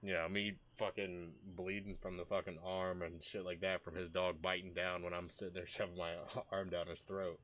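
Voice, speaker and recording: A man's voice: low voice, little pitch movement, normal speed, few pauses, a bit bright. A man streaming casual commentary, rambling and profane with many restarts.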